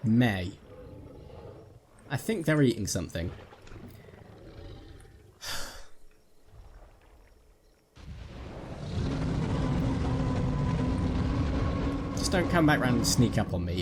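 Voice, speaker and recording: Jumpy, lively male game commentator. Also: mid-range voice, very slow, long pauses, a little hiss or hum. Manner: jokey, jumpy, talks to viewers while playing. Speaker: gaming video creator. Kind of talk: live gameplay commentary. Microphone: headset.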